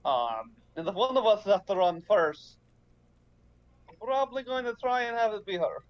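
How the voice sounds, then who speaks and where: A man's voice: high voice, big pitch swings, normal speed, voice pushed up. A man voicing a protective woman warrior in a tabletop game, hesitant and full of fillers. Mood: worried. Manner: hesitant, laughing, lots of fillers. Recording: dull lo-fi mic.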